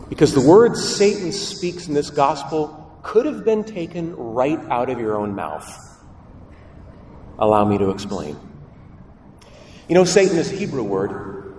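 A priest delivers a homily in a church, his medium-pitched, warm voice carrying a little hiss or hum. His delivery is dramatic, acting out the voices he quotes, and the distant recording has roomy church reverb.

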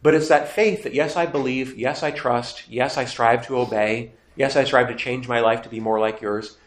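A man's voice: mid-range voice, steady tone, moderate pace. A man, a priest, teaching a scripture lesson in a conversational way and asking his class rhetorical questions. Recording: roomy echo.

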